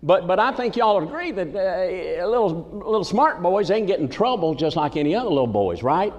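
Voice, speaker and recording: A man with a Southern drawl spins folksy comic stories and ribs the crowd in a chatty way. His voice sits a little high and swings up and down with lively energy. A long hall echo hangs behind him. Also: fairly quick, muffled recording. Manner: folksy, chatty, teasing the audience. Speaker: comedic entertainer. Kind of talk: stand-up storytelling in a folksy character. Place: large conference hall with a live audience. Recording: echoey hall.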